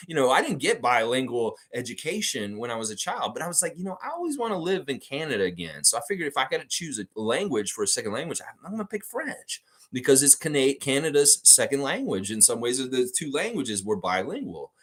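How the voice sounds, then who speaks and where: A man's voice: mid-range voice, sing-song, a little fast, fairly bright tone, slightly rough. A man hosting a live sports fan show, talking in a casual, emphatic and blunt way with frequent cursing. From United States. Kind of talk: casual live stream commentary.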